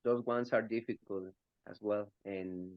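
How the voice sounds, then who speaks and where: Slow, halting male student on a muffled call. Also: lowish voice, steady tone, dry recording. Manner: hesitant, many fillers. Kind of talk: class discussion.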